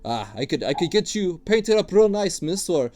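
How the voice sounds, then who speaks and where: A man doing a gruff, stammering sea dwarf tattooist. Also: high voice, big pitch swings, moderate pace, darkish tone, pitched above the performer's own voice. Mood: eager pitch. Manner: stammering, eager salesman patter.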